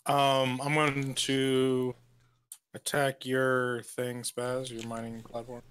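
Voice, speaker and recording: A man playing a board game online, cracking puns and pausing with fillers as he decides his moves. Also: medium pitch, completely flat delivery, fairly bright tone, clear, resonant tone. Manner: punning, hesitant while deciding moves. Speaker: player. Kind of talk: casual chat while playing a board game.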